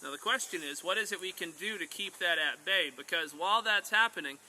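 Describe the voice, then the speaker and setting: A man, a bushcraft instructor, telling an animated story to a camp group outdoors. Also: high voice, fairly quick, slight background noise. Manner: animated storyteller, draws lessons from tales. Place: outdoors at a woodland skills camp.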